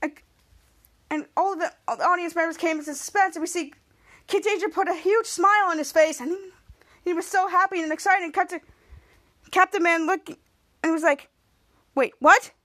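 High-voiced woman rambling through a recap. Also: steady tone, brisk, pauses often, fairly bright tone. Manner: rambling, self-correcting retelling. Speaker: podcast host. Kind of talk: casual episode recap.

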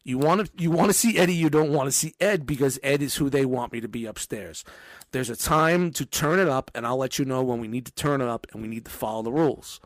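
A man's voice: mid-range voice, fast talker, no room sound. A man managing a store department, chatting casually and telling profane stories with acted-out quotes. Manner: profane, storytelling, acts out quotes. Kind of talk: casual chat.

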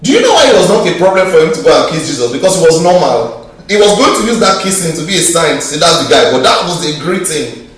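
Animated man teaching in an echoey hall. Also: on the high side, fast, distant mic. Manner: animated, emphatic, teasing questions. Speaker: Bible study teacher. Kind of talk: interactive Bible class teaching. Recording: very echoey hall, mic from afar.

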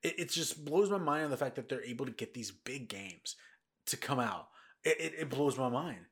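A man's voice: medium pitch, animated, normal speed, a bit bright. Rambling tired man hosting a podcast. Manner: rambling, repeats himself, yawning and tired. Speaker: podcast host. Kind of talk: casual news chat.

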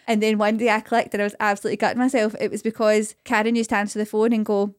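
A Scottish woman in casual podcast chat with a slightly raised pitch. She talks in a lively storytelling way, laughs easily and slips into other people's voices as she tells stories. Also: fast talker, clear, resonant tone, no echo, studio quality. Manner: chatty, laughs often, mimics voices in stories. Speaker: podcast co-host.

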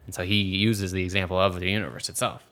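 A man's voice: sits low, level tone, fast, a bit bright. A man from the Philadelphia area chatting casually about a film as a podcast co-host, rambling with frequent restarts. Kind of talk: casual movie discussion.

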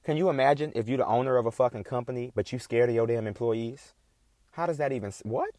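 A man's voice: mid-range voice, fast, a little mellow, no echo, studio quality. A man in a casual, heated monologue, talking in a profane, emphatic and indignant way.

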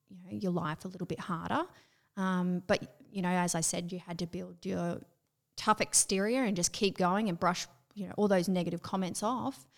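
A woman's voice: lowish voice, creaky. A woman host and former sailor, speaking candidly and often searching for her words. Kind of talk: conversational interview.

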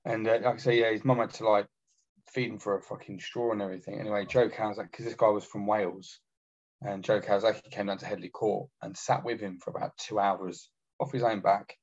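An army veteran telling blunt, sweary stories in a casual chat. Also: male voice, fairly low pitch, fairly even intonation, brisk, darkish tone, highs cut off. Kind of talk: casual podcast storytelling.

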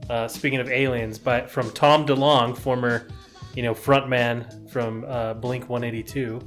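Faint music plays behind a podcast co-host whose mid-range, fairly bright voice moves little in pitch at a measured pace. He chats casually, rambling and hesitating with many fillers and restarts.

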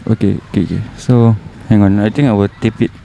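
A Singaporean-accented man hosts an easygoing podcast, his low, mellow voice wandering through half-finished sentences. He talks into a headset mic outdoors, with faint street sounds behind him. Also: fairly even intonation, fast, creaky, slight background noise. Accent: Singaporean English. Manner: rambling, loose, full of restarts and "lah". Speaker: nurse podcast host. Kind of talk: casual chat. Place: outdoors in a public spot by the road.

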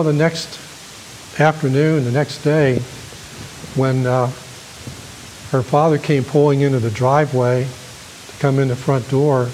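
A man preaching a sermon, telling a story in a gentle storytelling manner that rises with emotion. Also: mid-range voice, slight background noise, poor audio. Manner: gentle storytelling, rising with emotion at quoted lines. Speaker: pastor.

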